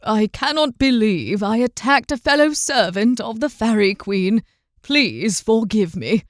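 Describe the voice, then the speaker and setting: A woman voicing a young noble knight who speaks in a formal, old-fashioned way, slow and apologetic. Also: fairly high pitch, expressive, dry recording, studio quality.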